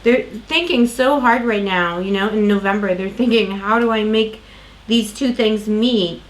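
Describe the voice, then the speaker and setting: A woman's voice: mid-range voice, unhurried, rough recording. A woman doing a casual tarot reading, talking in a loose, rambling way with lots of fillers and restarts. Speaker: tarot reader.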